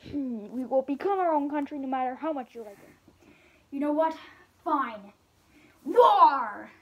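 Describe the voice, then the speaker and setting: Girl doing a stubborn colonist, defiant, high voice. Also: lively intonation, unhurried, long pauses, highs cut off. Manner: defiant, declaring. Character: stubborn rebellious colonist demanding independence.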